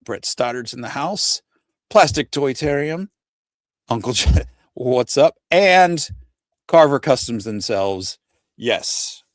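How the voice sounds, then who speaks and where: A man's voice: mid-range voice, no echo, studio quality. A man in his forties hosting a casual livestream chat, rambling and self-deprecating, tripping over names as he reads them out. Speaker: podcast host.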